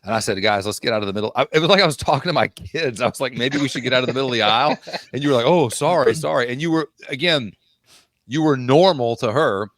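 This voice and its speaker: A man's voice: mid-range voice, fast talker, no room sound. Southern guy on a podcast, laughing a lot, retelling stories, dry close mic. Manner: animated storyteller, laughs often, mimics others. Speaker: podcast co-host. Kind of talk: casual chat.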